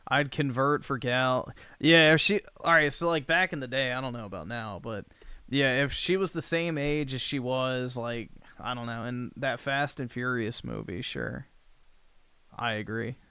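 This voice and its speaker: A man's voice: medium pitch, normal speed, pushed and bright, smooth, no room sound. A man hosting a livestream, chatting casually and reacting to comments in a blunt, crude, offhand way. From United States. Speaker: livestream host.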